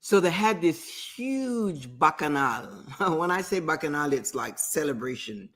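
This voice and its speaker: A woman's voice: deep voice, sing-song, a little slow, fairly bright tone. A woman hosting a talk show, retelling a parable in a conversational way, with restarts and asides. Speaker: host. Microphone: streamed talk show mic.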